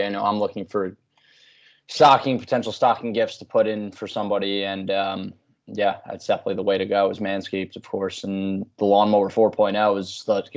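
A man co-hosting a casual podcast, easygoing and quick to laugh along. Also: lowish voice, muffled recording. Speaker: podcast co-host. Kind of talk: casual chat.

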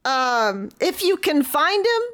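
A woman improvises a comedy sketch as an eccentric, rambling sheep farmer, using a put-on, pirate-like English accent. Her voice sits high and sing-song, slow, with a fairly bright tone, in a full character voice. The mood is folksy, and she rambles, trailing off mid-sentence.

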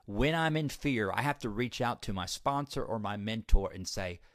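A man's voice: on the low side, expressive, normal speed, no echo, studio quality. A man giving a motivational talk about recovery, emphatic, repeating key points and putting questions to his listeners. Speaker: recovery speaker.

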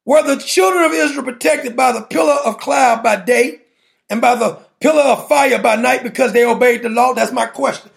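A man's voice: extremely high pitch, moderate pace, gravelly, a bit bright. A man preaching a sermon in a colloquial, playful way, firing rhetorical questions and laughing with the congregation.

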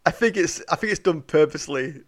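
A man's voice: on the high side, lively intonation, brisk. A man in casual chat, laid-back and a bit hesitant, swearing casually.

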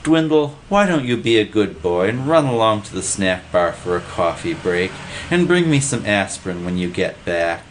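A man's voice: on the low side, very animated, moderate pace, hardly any pauses, a little hiss or hum. A man voicing an exasperated male official in a storybook reading. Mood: weary. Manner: exasperated, emphatic.

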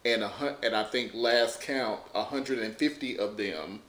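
A man's voice: on the low side, measured pace, a bit bright. A man hosting a casual podcast chat, agreeable and building his points step by step. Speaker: podcast host. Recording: roomy echo, faint noise.

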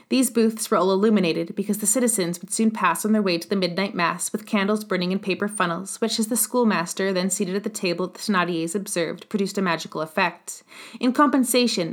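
A woman narrating a classic novel as an audiobook, in a measured, steady reading. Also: medium pitch.

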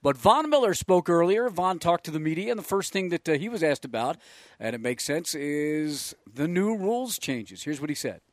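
A man's voice: on the high side, animated, moderate pace, dry recording. A man hosting a sports radio show, casually introducing the next segment from a training camp. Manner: casual, conversational.

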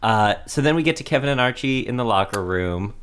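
A woman's voice: a bass voice, lively intonation, a little fast, smooth. A woman co-hosting a podcast, walking through a TV episode's plot in a casual chat and agreeing often. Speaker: podcast co-host.

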